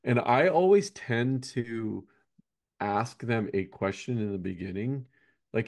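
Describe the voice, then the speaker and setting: A man's voice: mid-range voice, slow, creaky, darkish tone. A man, a basketball coach, chatting casually on a podcast, rambling and often ending points with "right?".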